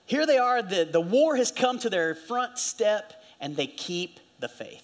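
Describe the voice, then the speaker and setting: A middle-aged man preaching a sermon, telling stories with animated swings and acting out the voices of the people he quotes. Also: sits high, measured pace, hardly any pauses. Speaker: pastor.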